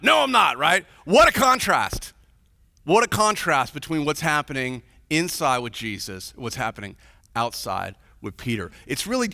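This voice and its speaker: A man's voice: medium pitch, sharp tone, no room sound, clean studio sound, long reverb tail. A man preaching a sermon as pastor, telling the story with animation and acting out the quoted voices. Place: large church hall.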